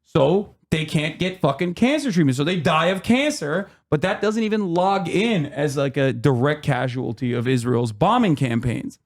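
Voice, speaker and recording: Male streamer host, casual commentary, emphatic, swears a lot, slightly higher pitch. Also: expressive, moderate pace, hardly any pauses. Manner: heated, swearing, emphatic rants.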